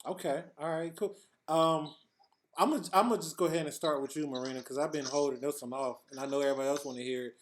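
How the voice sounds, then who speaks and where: A man's voice: on the high side, steady tone, fast talker, a little hiss or hum. Laid-back man hosting a roundtable. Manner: laid-back, laughs along, asks questions. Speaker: host.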